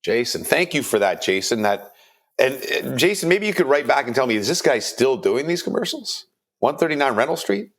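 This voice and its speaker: Man, podcast co-host, lively up-and-down voice, jokey banter. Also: medium pitch, a little fast. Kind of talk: casual podcast chat.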